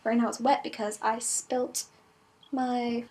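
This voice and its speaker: A young woman chatting casually in a travel vlog, giggly and playful with quick asides. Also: fairly high pitch, level tone, darkish tone. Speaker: vlogger.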